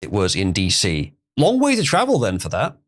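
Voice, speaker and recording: A man's voice: fairly low pitch, wildly swooping pitch, moderate pace. Chatty man hosting a livestream. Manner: chatty, laughs often, restarts sentences. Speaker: livestream host. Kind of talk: casual livestream commentary reading chat.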